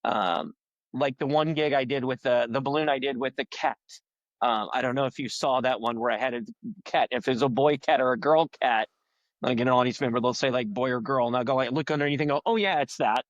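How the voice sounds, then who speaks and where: Middle-aged comic, chatty and rambling, does voices for people in his stories; flat, dead-sounding mic. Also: medium pitch, a little fast, no echo, lo-fi sound. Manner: rambling, animated storyteller who acts out quoted people in a raised voice. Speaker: guest comedian and balloon artist. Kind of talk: casual podcast interview.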